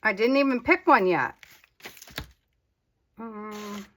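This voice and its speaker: A woman's voice: medium pitch, slow, a bit bright, a little hiss or hum. A woman hosting a casual crafting vlog, chatting candidly and talking to her supplies as she works. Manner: self-deprecating and candid. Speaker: crafting channel host.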